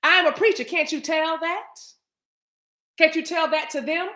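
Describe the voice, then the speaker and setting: A woman hosting a livestream, talking to her chat in an animated, emphatic, preachy way and repeating her phrases. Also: very high voice, moderate pace. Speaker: spiritual reader and livestream host. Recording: roomy echo.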